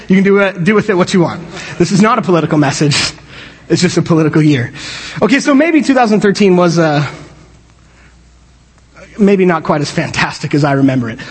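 Man, pastor, high husky voice, animated and joking sermon, long church reverb. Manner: animated, joking, with frequent restarts. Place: church sanctuary.

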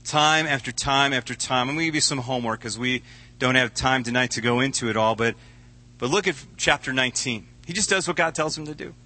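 A man's voice: mid-range voice, fairly quick, sharp tone. A man pastor preaching a sermon in an earnest, conversational way, often repeating words as he goes.

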